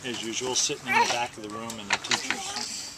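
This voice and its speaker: A father telling a long joke at home in an unhurried way, now and then slipping and correcting himself, filmed on a handheld camcorder. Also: mid-range voice, huge pitch swings, very noisy. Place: family home. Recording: home video, baby crying loudly.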